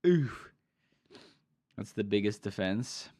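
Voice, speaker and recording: A man streaming and co-casting a match in loose, casual commentary, swearing freely and getting excitable. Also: fairly low pitch, takes it slowly.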